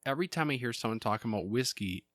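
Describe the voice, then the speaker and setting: A man hosting a casual podcast, joking and animated, with salty language. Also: medium pitch, very fast, no echo. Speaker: podcast host. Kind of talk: casual chat.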